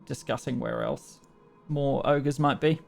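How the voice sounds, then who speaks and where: A man's voice: mid-range voice, fairly even intonation, unhurried, creaky, faint music behind. An Australian man narrating as game master in a casual, rambling tabletop session, laughing often.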